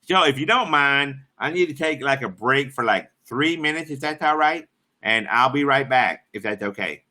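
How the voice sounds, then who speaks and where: A man's voice: mid-range voice, animated, normal speed, bright, forceful tone. A man chatting on his live stream in a rambling, crude and profane way. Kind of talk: casual live-stream chat.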